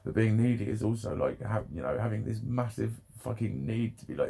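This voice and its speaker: Low gravelly emotional man. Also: lively intonation, a little fast, warm tone, a little hiss or hum. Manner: rambling, emotional, laughs often, swears a lot. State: emotional, near tears. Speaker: vlogger. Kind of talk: emotional personal vlog.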